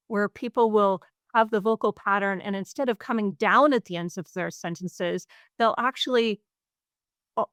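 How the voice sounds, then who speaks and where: A fairly high-voiced woman talks through speaking tips in an easy, energetic way. She acts out sample phrases by letting her pitch leap around. The sound is dry and close. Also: no room sound. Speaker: podcast co-host. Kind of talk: conversational coaching talk.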